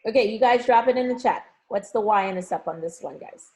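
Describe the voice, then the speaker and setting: A woman's voice: mid-range voice, a little fast, a little mellow. A woman teaching math in a live online review session, coaxing students with pet names and frequent check-ins. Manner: frequent check-ins like okay and all right.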